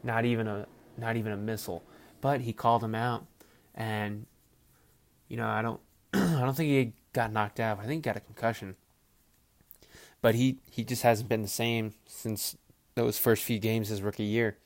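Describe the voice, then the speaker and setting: A man's voice: lowish voice, moderate pace, no echo. Rambling, profane man talking football. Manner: rambling, profane, animated asides with quoted voices. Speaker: podcast host. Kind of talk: casual football commentary.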